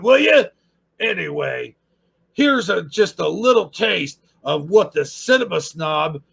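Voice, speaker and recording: Slow, gravelly-voiced man reviewing channels. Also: fairly high pitch, a bit bright. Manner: sarcastic, rambling. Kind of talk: casual review commentary.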